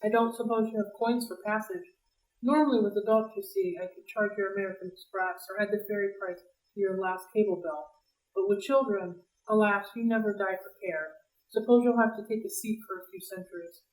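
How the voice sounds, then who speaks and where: A woman's voice: mid-range voice, moderate pace, a little mellow, natural voice. Woman doing silky mocking male ferryman of the dead, cold and greedy, faint british lilt, roomy distant recording.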